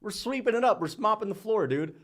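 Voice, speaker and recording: A young man streaming live, calling fight picks with hyped, shouting bursts, swearing and playful trash talk. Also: high voice, lively intonation, a little fast. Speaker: livestreamer making fight picks. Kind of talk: excited livestream reaction commentary.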